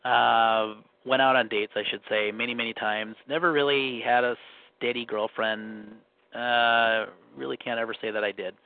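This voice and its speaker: A man's voice: medium pitch, flat delivery, moderate pace, clear, resonant tone, no room sound. Rambling Minnesota man on a tinny phone line. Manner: rambling storyteller, repeats himself, frequent restarts. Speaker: guest telling dating stories. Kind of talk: casual phone chat.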